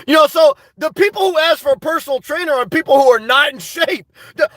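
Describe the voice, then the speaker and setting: A man with a very high voice talks straight into a laptop mic on a home livestream. He is animated and swears freely, and he breaks into loud outbursts. The sound is dry and close. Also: fairly quick, creaky, few pauses, no echo. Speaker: livestream host. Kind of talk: casual livestream monologue.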